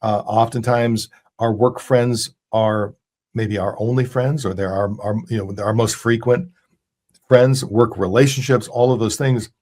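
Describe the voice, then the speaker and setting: A man's voice: fairly low pitch, steady tone, measured pace, darkish tone. Male host, conversational and reflective, stumbles and restarts as he thinks. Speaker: podcast host. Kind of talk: casual podcast interview.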